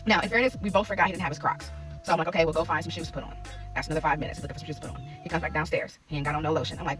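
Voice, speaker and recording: A young adult woman, a parenting content creator, telling a story from her morning in a casual, animated vlog and acting out the quotes. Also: low voice, distant mic, music in the background. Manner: rapid, animated retelling with acted-out quotes.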